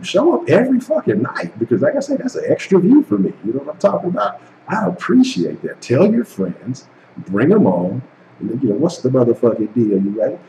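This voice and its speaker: A man's voice: mid-range voice, mellow. A man hosting a sports live stream, taunting rival fans in a profane, repetitive rant. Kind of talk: heated casual rant at trolls. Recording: echoey room with faint noise.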